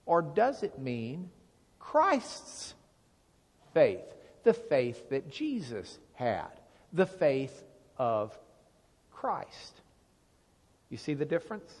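A man giving Bible teaching to a congregation, explaining with lively questions to the room. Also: a little high, very slow, long pauses. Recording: long reverb of a large hall.

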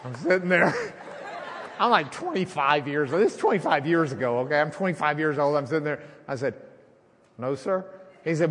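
A middle-aged man preaching a sermon, telling a courtroom story and acting out the voices with lively energy. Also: a little high, brisk. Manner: animated storyteller, acts out voices. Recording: hall reverb.

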